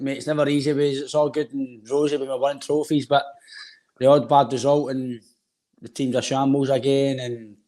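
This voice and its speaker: Man, Scottish accent, sore throat, medium pitch, rambling casual podcast talk. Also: dark tone. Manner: rambling, conversational. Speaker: podcast co-host. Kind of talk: casual football chat.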